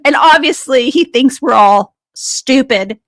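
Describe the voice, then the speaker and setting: Bright-voiced woman, animated and mocking. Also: sits high, takes it slowly, no room sound. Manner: animated, mocking impressions, laughs easily. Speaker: co-host. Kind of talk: casual conversation.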